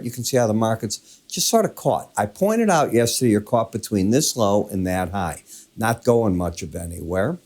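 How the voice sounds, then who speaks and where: Speaking in a lowish, slightly mellow voice, an older market commentator delivers his daily wrap-up conversationally and emphatically, going through charts. A lingering illness makes him cough occasionally.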